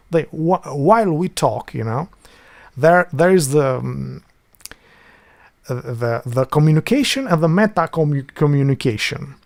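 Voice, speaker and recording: A man's voice: a little high, creaky. A man from Albania with an Albanian accent, chatting casually and rambling on a livestream with lots of swearing. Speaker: streamer.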